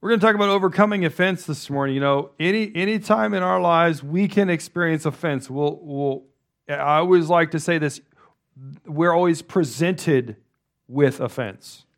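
A man's voice: a little high, normal speed. A male pastor giving a loose, conversational sermon, wandering through asides and restarting his sentences often.

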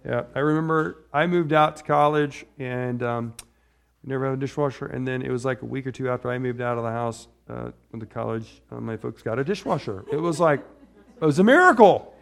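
A middle-aged pastor's gravelly, medium-pitched voice moves fairly quickly through a casual, conversational sermon. He tends to wander into personal anecdotes, checking in often with a "right?".

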